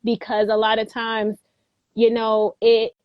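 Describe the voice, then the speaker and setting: Animated Philadelphia woman telling stories. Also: a little high, slow, no room sound, dull audio. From Philadelphia, USA. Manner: animated, quotes people in lively voices, laughs often. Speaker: guest educator. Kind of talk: casual storytelling interview.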